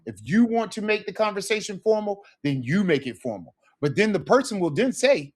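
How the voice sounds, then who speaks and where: A man's voice: sits high, sing-song, a little fast, hardly any pauses. A man teaching a casual Spanish lesson, talking loosely and checking in with "right?" as he acts out sample phrases.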